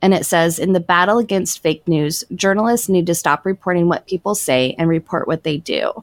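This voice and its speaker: Low-voiced woman co-hosting a podcast. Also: a little fast, no room sound. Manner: explains step by step, conversational. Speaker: podcast co-host. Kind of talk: casual podcast discussion.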